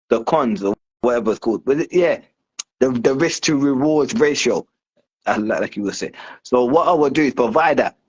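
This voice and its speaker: A man in mid-range pitch talks through his stance as a guest in a casual chat. He rambles, fills pauses with "um" and "like," and restarts his sentences often as he works out what he means. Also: dull audio. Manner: rambling, many fillers and restarts, explaining at length. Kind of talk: casual discussion.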